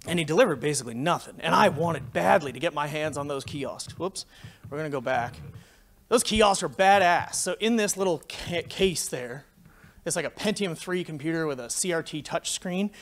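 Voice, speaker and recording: A man's voice: fairly high pitch, normal speed. A Canadian man in his forties giving a conference talk, telling a tech story full of swearing. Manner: swears freely, animated storytelling. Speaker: conference speaker. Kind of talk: profane anecdotal tech talk.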